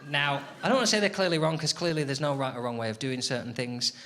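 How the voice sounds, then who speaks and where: A man's voice: medium pitch, quick pace. A man doing sardonic stand-up comedy, swearing freely and chatting with the crowd on a theatre stage. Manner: sardonic, lively, swears a lot, chats with the crowd. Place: theatre stage before a laughing audience. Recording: live show with loud crowd noise.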